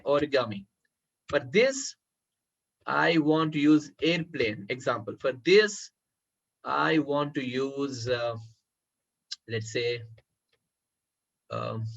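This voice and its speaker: A husky, slightly high-pitched man leads a live software workshop, talking his listeners through each step. He keeps asking whether they can see the screen and calls them friends. The recording sounds muffled and lo-fi. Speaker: workshop trainer.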